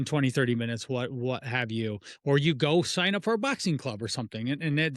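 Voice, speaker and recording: A man's voice: a little high, fairly bright tone, dry recording, studio quality. A middle-aged man, a fitness and nutrition coach, talking casually on a podcast, rambling through analogies and rhetorical questions. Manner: rambling, restarts phrases, uses analogies and asks rhetorical questions.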